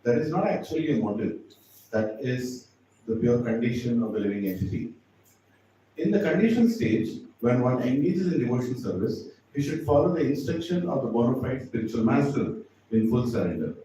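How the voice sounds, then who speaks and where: A man reading a scripture commentary aloud in a steady, measured way. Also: medium pitch, slight background noise. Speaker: reader. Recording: echoey hall, far from the mic.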